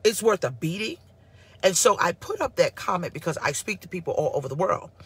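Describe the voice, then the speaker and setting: A woman pastor giving a casual live-streamed sermon, sassy and animated as she answers her online viewers. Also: on the low side, fast, slightly rough. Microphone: phone or computer mic for live stream.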